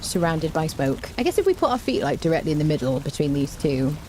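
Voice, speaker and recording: A woman's voice: sits low, huge pitch swings, fast talker, dark tone, a little hiss or hum. A woman streaming a game, chatting casually with viewers and humming little tunes to herself as she plays. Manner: greets chat viewers by name. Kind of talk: casual gameplay commentary.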